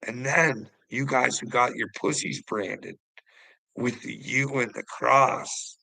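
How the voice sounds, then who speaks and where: Gravelly man ranting and taunting. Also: mid-range voice, slow, pushed and bright, no echo, poor audio. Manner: confrontational, taunting, profane. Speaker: online commentator. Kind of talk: ranting vlog monologue.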